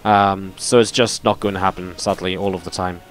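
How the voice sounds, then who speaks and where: A man's voice: low voice, steady tone, fairly quick. A man casting a live esports match, calling the play and chatting playfully with viewers between the action. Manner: jokey, playful with the audience. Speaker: esports caster and stream host. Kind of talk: live game commentary mixed with chat banter.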